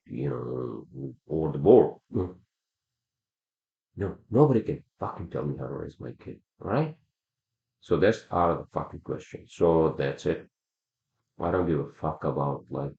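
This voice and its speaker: A man's voice: rumbling low, a little mellow. A man hosting a solo podcast, ranting heatedly and swearing a lot, often asking "all right?". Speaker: podcast host. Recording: roomy, dull lo-fi sound.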